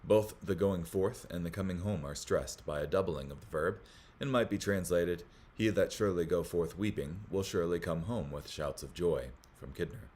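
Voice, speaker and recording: This low-pitched man, whose tone leans dark, hosts a Bible study. He reads the commentary in a steady, measured manner and corrects minor stumbles as they happen.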